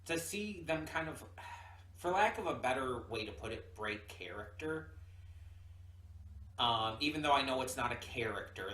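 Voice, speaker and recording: A man's voice: mid-range voice, fairly bright tone. A man giving casual reaction commentary as host of his channel, rambling with many fillers and restarts. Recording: echoey room, mic at a distance.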